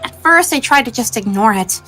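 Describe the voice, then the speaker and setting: A woman's voice: on the high side, animated, moderate pace, sharp tone, soft background music, pitched below the performer's own voice. A woman voicing a hot-tempered, sporty teenage girl who sounds sheepish and defensive during a game playthrough.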